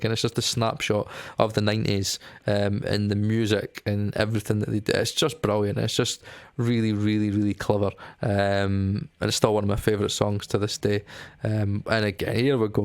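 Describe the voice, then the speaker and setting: A man's voice: lowish voice, little pitch movement, normal speed, no echo. A young man vlogging about music in a casual, rambling way, with many ums and restarts. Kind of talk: casual talk to camera.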